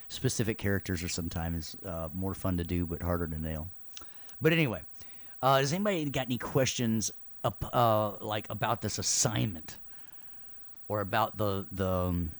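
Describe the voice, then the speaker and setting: A man teaching an online class, chatty and jokey, explaining an assignment and telling puns. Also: sits low. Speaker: instructor.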